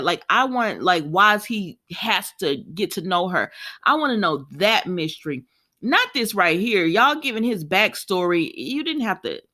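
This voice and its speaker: A woman casually chatting to her viewers as she recaps a soap opera, animated and often laughing. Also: medium pitch. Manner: frequent laughter and sighs. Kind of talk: casual chat.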